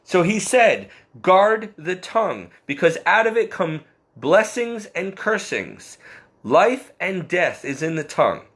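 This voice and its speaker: A man's voice: sits high, slow pace. A man earnestly sharing a personal faith story, self-deprecating and often laughing at himself. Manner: quotes himself and others in animated bursts. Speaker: Catholic layman sharing testimony.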